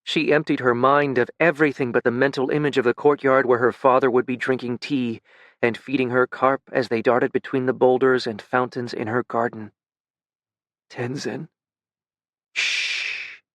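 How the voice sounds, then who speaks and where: A man narrating a dark fantasy audiobook in a measured, intimate way. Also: medium pitch, flat delivery, dry recording.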